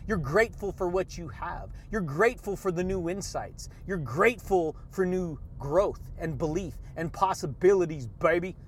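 High-voiced excitable male podcast host. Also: moderate pace, few pauses, slight background noise. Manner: excitable, laughs often, catchphrases like "yeah, buddy" and "baby"; preachy, repetitive pep talk. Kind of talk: motivational podcast monologue.

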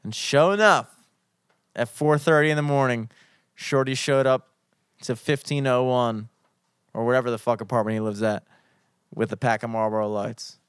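A young man telling a story in casual chat, animated and profane, putting on mock outrage. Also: mid-range voice, moderate pace, pauses often, smooth, no echo, clean studio sound.

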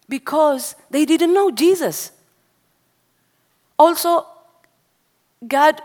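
A woman from Africa delivers a sermon in a high voice. She speaks slowly in non-native English, with urgent exhortation. She addresses young people in a meeting hall. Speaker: preacher. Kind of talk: sermon testimony.

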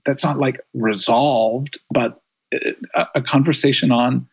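Gravelly older man telling stories. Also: normal speed. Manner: animated storytelling, rising pitch when quoting. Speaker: podcast co-host. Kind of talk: reflective podcast conversation. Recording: slightly dull lo-fi audio.

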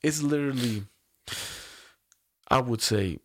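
A man's voice: medium pitch, slow, no echo, clean studio sound. A young man hosting a casual podcast, telling a story in a rambling, slangy and profane way with lots of fillers. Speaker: podcast host.

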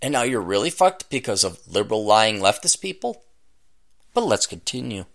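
A male podcast host in a comedic rant, scornful and foul-mouthed. His pitch swings widely as he jumps from low grumbling to loud outbursts. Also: big pitch swings, normal speed, vocal fry. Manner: profane, scornful, bursts into shouting. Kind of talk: comedic rant reacting to a read-aloud article.

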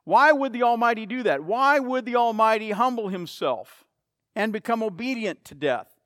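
A man's voice: high voice, animated, moderate pace, fairly bright tone, dry recording, clean studio sound. A man preaching a sermon, emphatic and repeating key phrases for effect. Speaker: pastor.

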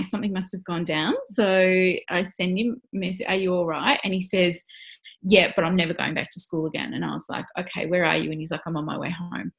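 A woman, telling a personal story as an interview guest, heartfelt and full of "you know" fillers and restarts. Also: fairly low pitch. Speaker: parenting instructor guest.

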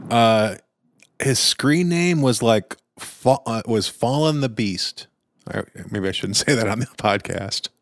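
A man's voice: medium pitch, expressive, slow pace, no echo, studio quality. A man co-hosting a podcast in casual chat, teasing his friend. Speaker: podcast co-host.

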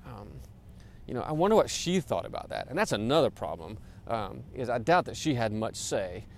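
A male pastor gives a casual, chatty sermon, pausing on fillers and repeating words as he goes. His pitch is medium and his delivery animated, rising and falling a lot. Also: gravelly, a little hiss or hum.

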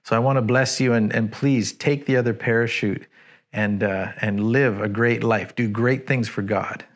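A man voicing a kind old retired pastor who speaks gently and selflessly. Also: medium pitch, steady tone, normal speed, natural voice. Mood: tender. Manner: gentle, self-giving.

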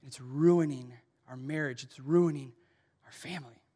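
A male pastor with an American accent preaching a sermon, emphatic, rising to loud urgency and dropping to hushed softness. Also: mid-range voice, a little slow. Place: large church auditorium. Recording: long hall reverb.

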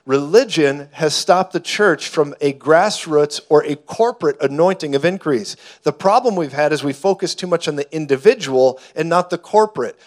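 A man preaching a fervent sermon to a congregation in a church, building at times to shouts. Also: fairly high pitch. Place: church hall before a congregation.

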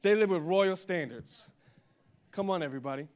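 High-voiced young male preacher. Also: normal speed, clean tone. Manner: energetic preaching that builds to loud declarations, with humorous storytelling. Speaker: pastor. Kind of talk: sermon.

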